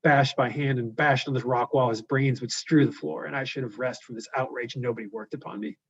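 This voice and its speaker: A man voicing a blind, enraged male giant Cyclops, talking loudly and menacingly. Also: mid-range voice, steady tone, a little fast, lightly acted. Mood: brooding. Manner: loud, brooding and menacing. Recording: dull lo-fi recording.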